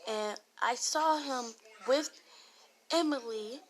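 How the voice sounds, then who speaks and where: High-voiced woman rambling through a story. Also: takes it slowly. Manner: rambling retelling with raised voice when quoting others. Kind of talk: casual storytime about an online game.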